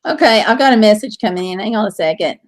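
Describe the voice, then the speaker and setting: A woman's voice: medium pitch, lively intonation, fast. A woman hosting a casual live stream from home, with a Southern US accent, cheerfully reading viewer comments aloud.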